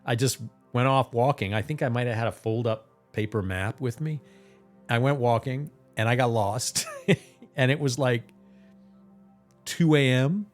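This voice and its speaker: A man's voice: mid-range voice, unhurried, soft background music. A man hosting a live tarot reading stream, chatting casually, telling stories and chuckling often. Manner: animated, chuckling, relaxed. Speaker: tarot reader and livestream host.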